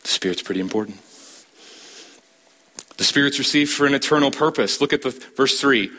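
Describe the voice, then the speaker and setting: A man delivers a sermon in a bright, forceful voice of middling pitch. He drives each point home with emphasis, climbing high to stress a line, and keeps putting questions straight to his listeners. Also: moderate pace. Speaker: preacher.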